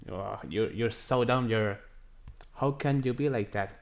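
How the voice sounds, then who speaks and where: A man from Chile with a Chilean Spanish accent, a native Spanish speaker in a casual video chat, pausing often to search for English words. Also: medium pitch. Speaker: language exchange partner. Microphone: video call.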